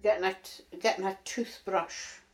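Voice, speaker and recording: A woman's voice: mid-range voice, fairly even intonation, normal speed, low-quality recording. A woman with a north-east Scottish accent, rambling and chatty as she reminisces in an interview. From north-east Scotland. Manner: chatty, rambling, frequent "aye" and "uh-huh". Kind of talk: casual reminiscing chat.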